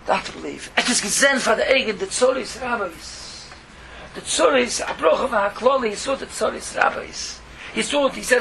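A man's voice: extremely high pitch, fairly quick, vocal fry, slight background noise. A man telling a religious story in a Torah talk, repeating phrases for emphasis. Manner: animated, repeating phrases, mixing languages.

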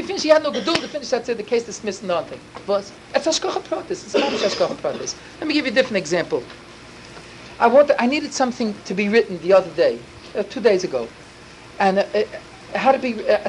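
Fast-talking man telling a story with inflection. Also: high voice, slight background noise, rough recording. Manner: rapid, breathless, full of Yiddish and Hebrew words. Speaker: storyteller for children. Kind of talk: animated storytelling.

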